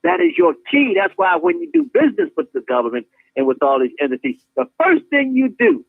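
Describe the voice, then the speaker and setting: Preacherly male guest on a phone line, high and gravelly, voice swooping all over. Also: huge pitch swings, a little fast, no echo. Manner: preacherly, acts out scenes with many voices, laughs often. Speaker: guest activist. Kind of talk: impassioned talk-show preaching. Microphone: phone call. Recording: tinny phone line, dry.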